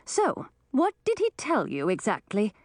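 A woman's voice: a little high, huge pitch swings, a little slow, no room sound, studio quality, pitched above the performer's own voice, exaggerated voice. A woman voicing a shrewd, matter-of-fact witch who reasons things through aloud. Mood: musing.

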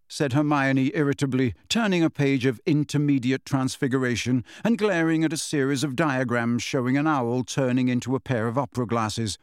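A man narrating a story in a measured, even reading voice. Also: mid-range voice, clear, resonant tone, no echo, clean studio sound. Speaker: audiobook narrator.

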